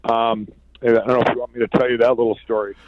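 A man from Minnesota, a company founder and interview guest, telling his story in a rambling, excited way with many restarts. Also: medium pitch, fast talker, lo-fi sound, a little hiss or hum. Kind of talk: conversational storytelling.

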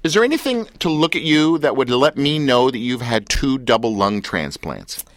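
A man's voice: mid-range voice, sing-song, dry recording. A man hosting a radio show from a studio, chatting casually and cracking playful jokes and asides. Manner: jokey, playful, name-dropping, quick asides. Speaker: radio host.

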